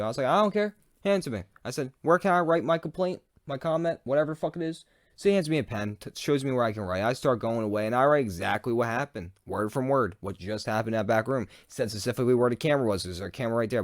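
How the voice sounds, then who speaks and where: A young man telling a casual storytime, rambling and profane, growing loud when worked up. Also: fairly low pitch, no room sound, studio quality.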